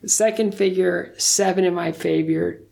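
A man's voice: high voice, steady tone, moderate pace, creaky, a little mellow. A middle-aged man, a guest in an interview, telling stories with self-deprecating humor. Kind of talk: casual interview storytelling.

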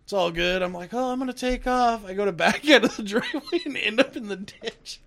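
A man in his twenties tells stories as a podcast co-host in casual chat. His voice sits high and swings widely, and he talks with animated energy and frequent swearing. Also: brisk, gravelly. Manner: animated, laughing, swearing storyteller.

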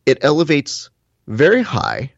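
A man's voice: fairly high pitch, very animated, unhurried, dry recording, muffled recording. Wry man co-hosting a podcast. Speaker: podcast co-host. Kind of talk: casual podcast chat.

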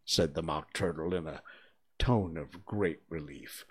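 A man narrating a storybook in an unhurried, expressive reading. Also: low-pitched, husky.

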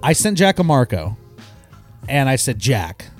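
A man co-hosting a podcast, chatting casually in an excitable, joking way and laughing often. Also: medium pitch, normal speed, faint music behind. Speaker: podcast co-host. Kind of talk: casual chat.

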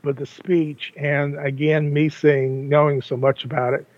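Over a tinny, phone-style connection with a dry sound, an older podcast co-host talks casually, looping through restarts and repeated words. His pitch is fairly high and his delivery flat. He speaks a little slowly, with a slightly mellow tone.

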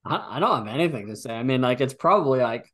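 A man co-hosts a casual podcast and tosses in short, offhand jokes in a dry manner. His voice sits at an average pitch for a man. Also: animated, quick pace, a bit bright. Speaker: podcast co-host. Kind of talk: casual chat.

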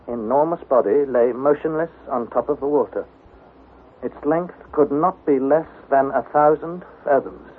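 An actor playing an earnest young nephew who narrates a perilous voyage in a 1960s radio drama. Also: male voice, mid-range voice, close to an everyday voice. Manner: earnest, anxious, pleading. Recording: tinny, hissy old radio broadcast.

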